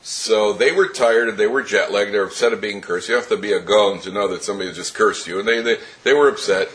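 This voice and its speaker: A man's voice: lowish voice, quick pace, fairly bright tone. A man teaching a Torah class, telling stories with many restarts and chuckles.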